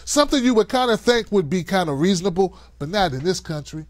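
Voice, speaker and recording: A man's voice: high voice, lively intonation, fast talker, dry recording. A man hosting a political commentary show, talking in an emphatic, sarcastic monologue.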